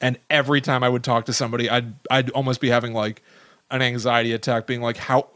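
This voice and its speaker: A man's voice: medium pitch, level tone, fast talker, a bit bright, no room sound. A man co-hosting a podcast, chatting casually in a rambling way, full of "like" and restarts. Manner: rambling, many likes and restarts. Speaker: podcast co-host. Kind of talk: casual chat.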